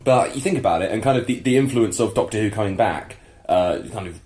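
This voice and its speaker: A man co-hosting a podcast, chatting casually, laughing often and throwing in quick asides. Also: fairly low pitch, lively intonation, darkish tone, echoey room. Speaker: podcast co-host. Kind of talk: casual chat.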